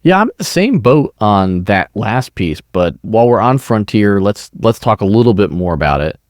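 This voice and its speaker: Podcast guy with a lowish voice, calm explainer, dry close mic. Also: normal speed, dry recording. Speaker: podcast co-host. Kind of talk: casual podcast discussion.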